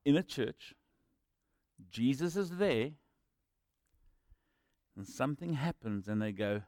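A man preaching a sermon and telling personal stories, moving between loud emphatic lines and quiet asides. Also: mid-range voice, animated, takes it slowly, dry recording, studio quality. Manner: storytelling, swinging from loud emphasis to hushed asides.

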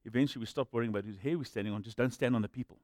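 A man preaching a sermon and telling personal stories, moving between loud emphatic lines and quiet asides. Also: medium pitch, very fast, dry recording, clean studio sound. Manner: storytelling, swinging from loud emphasis to hushed asides.

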